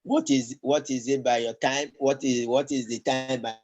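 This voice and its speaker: A man teaches a class at a measured, unhurried pace. He keeps stopping on fillers and repeating words as he explains. His voice sits in an ordinary middle pitch for a man. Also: fairly even intonation, a little mellow, slightly rough, highs cut off. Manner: slow, halting, with many fillers and repeated words. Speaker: Yoruba language teacher. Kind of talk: classroom lesson.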